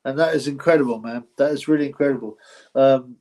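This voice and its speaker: Running a casual live stream, a male host reads out donations and gushes thanks to donors while rambling and repeating himself. He talks fast in a mid-range, dark-toned voice.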